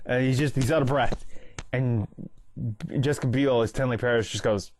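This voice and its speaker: A man's voice: medium pitch, normal speed, no echo. A man in his early thirties, host of a movie commentary channel, chattily retelling a film's ending and quoting its lines in a casual monologue. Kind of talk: casual film recap monologue.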